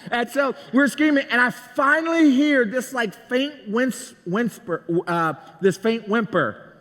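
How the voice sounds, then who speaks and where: Bright-voiced pastor preaching in a hall. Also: male voice, extremely high pitch, a little slow. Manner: storytelling, conversational, asks the congregation. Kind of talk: sermon. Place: church sanctuary.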